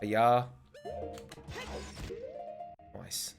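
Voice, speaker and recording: A man's voice: very slow, over loud music. A young man, chatting casually and swearing often while playing a game on a live stream. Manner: swears often, rambling anecdotes with fillers.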